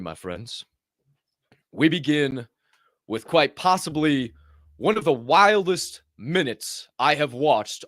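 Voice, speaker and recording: A man hosting a morning show, his pitch leaping all over the place as he hypes up his listeners. He is playful and goofy, dropping into hushed asides and then bursting out loud again. The sound is dry and close, with no room around the voice. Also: no room sound. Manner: playful, hyped, sips coffee between lines. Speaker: podcast host. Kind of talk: energetic morning show monologue.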